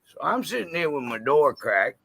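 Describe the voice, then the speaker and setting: Gravelly, lively-voiced man swearing through a story. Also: fairly high pitch, normal speed. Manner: swearing constantly, laughing mid-story. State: drunk and high. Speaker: livestream host. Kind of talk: rambling profane storytelling.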